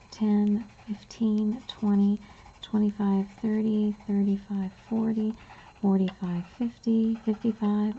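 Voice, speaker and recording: Casting: excitable woman budget vlogger, warm gravelly voice, slightly dull lo-fi audio. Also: medium pitch. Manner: bubbly, chatty, easily excited. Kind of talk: casual cash envelope walkthrough.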